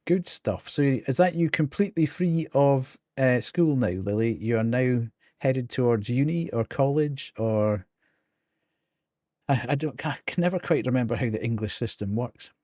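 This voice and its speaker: A man's voice: mid-range voice, moderate pace, warm tone, no echo, studio quality. A middle-aged man with a Geordie accent, chatting casually on a live game stream, laughing often between ums and restarts.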